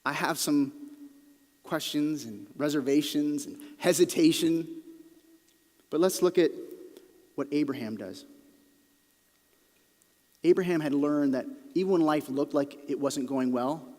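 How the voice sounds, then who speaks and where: A male pastor preaching a sermon with earnest emphasis, sometimes dropping to a quiet, intense delivery. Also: on the high side, a little slow, long pauses. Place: church auditorium. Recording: long reverb of a large hall.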